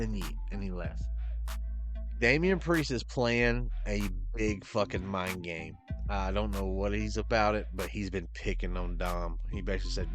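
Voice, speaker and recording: A man with a lowish voice runs through a wrestling episode in a loose, casual recap. He swears freely and drops into quick offhand impressions of the wrestlers as he goes. Faint music sits quietly behind him. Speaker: podcast host.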